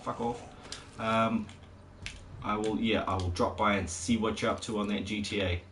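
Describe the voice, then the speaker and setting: A man's voice: on the low side, steady tone, moderate pace, fairly bright tone, a little hiss or hum. A man chatting casually on a live stream while he plays, rambling, chuckling often and swearing at the game.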